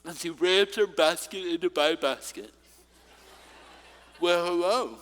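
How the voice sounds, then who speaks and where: A man's voice: fairly high pitch, normal speed, a bit bright, in a large hall. A man preaching a sermon, telling funny personal stories and then turning earnest and encouraging. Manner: humorous, personal storytelling. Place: church.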